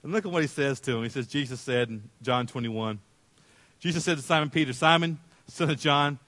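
A male pastor delivering a sermon, acting out voices in the story and moving from loud calls to hushed tender lines. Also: mid-range voice, brisk, no room sound. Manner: dramatic, acts out voices in the story.

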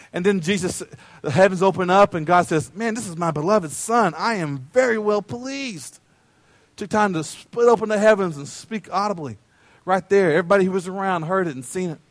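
Male pastor, high-pitched, casual sermon delivery with a dry close sound and playful repetition. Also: fairly bright tone, no room sound. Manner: conversational, playful, repeats phrases.

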